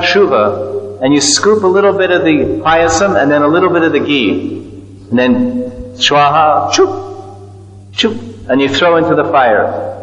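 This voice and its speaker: A man gives a scripture lecture in a fairly high voice, telling stories and acting out little sounds as he goes. The recording is dull and lo-fi, with long echoes from a large hall. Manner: storytelling, acts out sounds and voices. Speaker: spiritual teacher.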